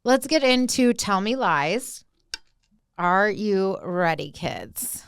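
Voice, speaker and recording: A young woman co-hosting a casual pop-culture podcast, animated and peppered with "like". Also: mid-range voice, takes it slowly, clear, resonant tone, no room sound, studio quality. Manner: animated, lots of "like" fillers. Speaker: podcast co-host.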